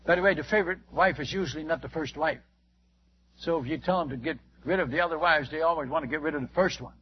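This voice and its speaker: An older man, a missionary preacher, telling stories in a sermon, animated and acting out the dialogue with frequent restarts. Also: fairly high pitch, quick pace, breathy edge, dull audio. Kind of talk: sermon storytelling.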